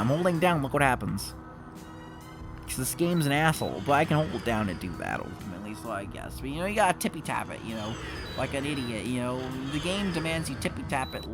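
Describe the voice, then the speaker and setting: A man in his twenties doing rambling, profane let's play commentary over a game. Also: mid-range voice. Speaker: gameplay commentator. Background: game music.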